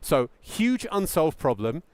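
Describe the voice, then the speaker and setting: In this presentation to founders, the pitch coach is a man who stays animated and emphatic while voicing mock founder quotes. His pace is slow, and the recording has no room sound.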